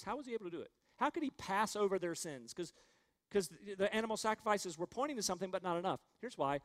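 A man's voice: high-pitched, long reverb tail. A man preaching a sermon as pastor, earnest and full of rhetorical questions, leading the congregation to repeat phrases after him. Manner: earnest, rhetorical questions, leads the crowd in call-and-response.

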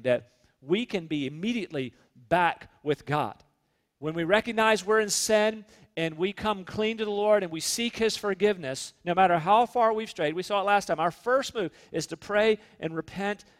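A man preaching a sermon as pastor, earnest, slowing down to stress key points. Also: high-pitched, in a large hall. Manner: earnest preaching, slows for emphasis.

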